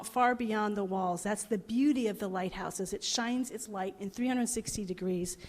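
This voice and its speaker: A woman minister giving a reflective sermon, laughing at her own jokes as she tells them. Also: mid-range voice. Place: parish hall. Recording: long reverb of a parish hall.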